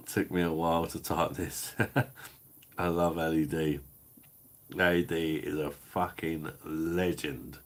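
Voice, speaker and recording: A deep-voiced man with a Cockney-Kentish accent, chatting to his live audience at an easy, slow pace. He swears freely and chuckles along as he talks. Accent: Cockney-Kentish English. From London. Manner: laid-back, sweary, chuckling banter. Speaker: livestream host reading chat. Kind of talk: casual live chat.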